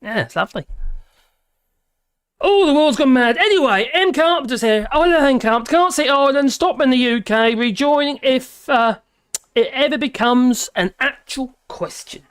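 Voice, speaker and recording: A woman's voice: high-pitched, animated, normal speed, smooth, no echo, studio quality. Tired, grumbling woman live streaming. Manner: rambling, grumbling, chatty. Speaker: live streamer reading chat comments. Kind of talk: casual live-stream chat.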